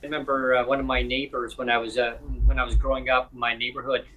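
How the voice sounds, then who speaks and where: A man's voice: medium pitch, flat delivery, quick pace, dull audio. Rambling podcast host, a man. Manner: rambling anecdotal storytelling with many fillers. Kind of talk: casual podcast conversation.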